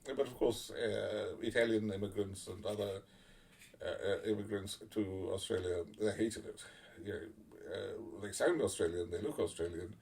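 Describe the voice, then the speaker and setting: A man giving casual spoken commentary, blunt and sardonic, swearing freely and pausing often on fillers. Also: lowish voice, vocal fry, darkish tone. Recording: voice a little far from the mic.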